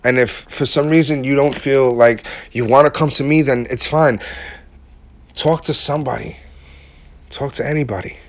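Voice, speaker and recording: A man with an ordinary middle-pitched voice speaks to his viewers in a heartfelt, casual monologue. He uses loose, everyday slang and leans into emphatic repetition. The sound is close and dry, with no room around it. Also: fairly even intonation, moderate pace, no echo. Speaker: vlogger speaking to his audience.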